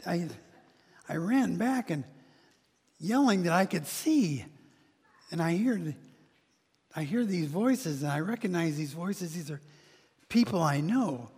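A man performing a first-person monologue as a formerly blind male beggar, eager and joyful, who talks haltingly and restarts and repeats words between excited exclamations. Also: sits high, breathy edge, big-room sound, exaggerated voice.

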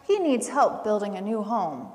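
A woman voicing a friendly, helpful muskrat in a storybook, slow and emphatic. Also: medium pitch, very animated, darkish tone, reverberant, big-room sound, close to an everyday voice. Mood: eager.

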